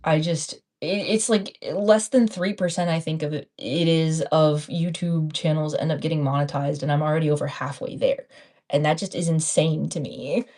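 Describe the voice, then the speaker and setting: A woman's voice: deep voice, fairly even intonation, moderate pace, a little mellow. A young woman with a Texan accent, chatting playfully on a casual live stream while she crafts and talks to her viewers. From Texas.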